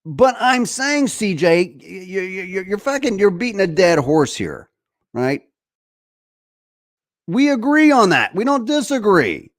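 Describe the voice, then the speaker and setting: A man's voice: high-pitched, sing-song, unhurried, dry recording, studio quality. A man hosting a heated political podcast, emphatic and profane, often restarting and repeating himself. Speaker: podcast host.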